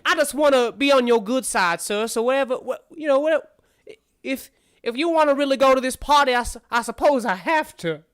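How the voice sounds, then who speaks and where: A man's voice: extremely high pitch, brisk, fairly bright tone, clean tone, no room sound, studio quality, pitched above the performer's own voice. A man voicing a nervous, apologetic male armadillo who stammers through his apologies, in a tabletop game. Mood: meek.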